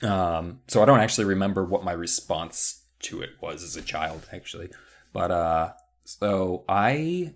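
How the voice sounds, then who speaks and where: A man's voice: low voice, expressive, unhurried. A man co-hosting a podcast, recapping a book in a rambling, joking casual chat. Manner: rambling, joking, lots of fillers. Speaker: podcast co-host.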